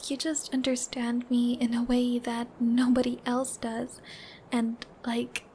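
A woman's voice: a little high, completely flat delivery, slow, slight background noise. A woman as a giggly, shy young girlfriend. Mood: shy, tender. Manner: giggly, babbling, soft and affectionate. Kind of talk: whispered role-play.

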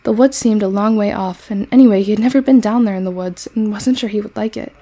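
A woman reading a children's novel aloud in an expressive storybook manner. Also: medium pitch, fast.

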